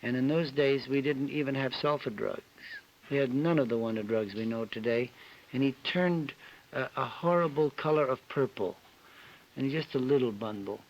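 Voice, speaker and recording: A man's voice: medium pitch, normal speed. A man telling an emotional personal story as a guest on a television panel show. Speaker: celebrity guest. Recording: dull 1961 TV broadcast with hiss.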